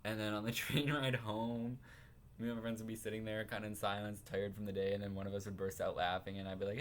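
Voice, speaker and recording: A young man in a casual storytime vlog, talking in an animated, self-consciously dramatic way, laughing often and saying like a lot. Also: on the low side, fast, slight background noise. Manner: filler-heavy, says like a lot. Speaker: vlogger.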